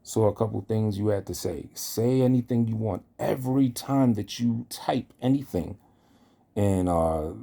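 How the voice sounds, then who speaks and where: Low gravelly man ranting. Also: measured pace, mellow. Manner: confrontational, profane, addresses target directly. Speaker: online commentator. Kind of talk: heated callout rant.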